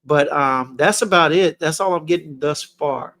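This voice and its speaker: Hosting a laid-back livestream review, this fragrance reviewer from Texas talks at a moderate pace in a voice that's fairly high for a man. His slangy, loose style addresses viewers directly as he thinks aloud.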